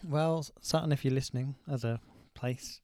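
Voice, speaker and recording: A man co-hosting a casual chat, reacting with quick dry quips. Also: mid-range voice, warm tone, no echo. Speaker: podcast co-host.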